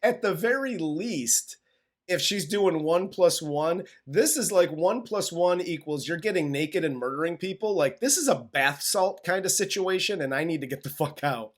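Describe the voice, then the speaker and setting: A man from the United States co-hosting a film review podcast, recapping the plot in an excitable, profane way. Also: sits high, moderate pace. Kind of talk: casual chat.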